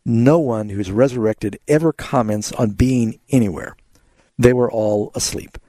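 A man's voice: medium pitch, unhurried, mellow, no echo. A man hosting a call-in radio Bible program, confidently explaining scripture to callers.

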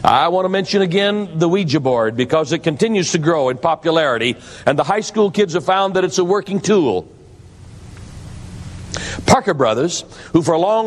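Male preacher, slightly high voice, earnest warning sermon, long hall reverb. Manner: earnest, warning tone with storytelling asides.

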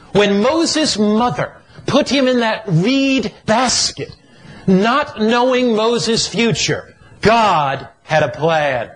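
A man's voice: high-pitched, a bit bright, rough recording. A middle-aged man preaching a sermon as an evangelist, with an emphatic, repetitive cadence.

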